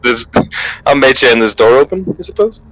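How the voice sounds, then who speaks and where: A man's voice: mid-range voice, moderate pace, low-quality recording. A man playing a tabletop game with friends, chatting casually and joking about his dice rolls. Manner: animated, joking. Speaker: player.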